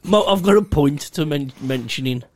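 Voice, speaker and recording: A man's voice: a little high, expressive, moderate pace, no echo. A young man, rambling through a sweary, self-mocking story in casual chat. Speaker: podcast co-host.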